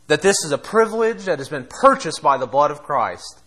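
A man preaching a sermon, impassioned, swinging between quiet asides and loud exhortation. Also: a little high, very animated, a little fast, slightly rough. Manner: impassioned, acts out quoted voices, laughs between points.

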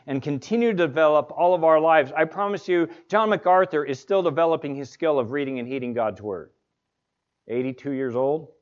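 Man, pastor, sermon, conversational storytelling, fairly high voice, muffled lo-fi audio. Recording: dull lo-fi recording.

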